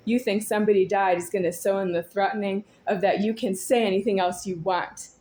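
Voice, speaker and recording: A woman's voice: medium pitch, fairly even intonation, fairly quick, few pauses, slight background noise. A woman in her forties talking to a camera at home in a rambling, agitated monologue. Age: 40s. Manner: rambling, agitated, at times shouting. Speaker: vlogger. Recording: echoey room.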